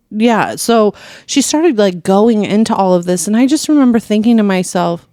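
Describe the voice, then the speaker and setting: A woman co-hosting a podcast in casual chat, an animated storyteller who swears freely. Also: medium pitch, normal speed, no echo, clean studio sound. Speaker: podcast co-host.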